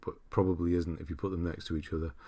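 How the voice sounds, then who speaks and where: A young livestreamer from Britain talks rapid-fire in a mellow, low voice with a level tone. Between loose chatter, he reads viewers' comments aloud and laughs often.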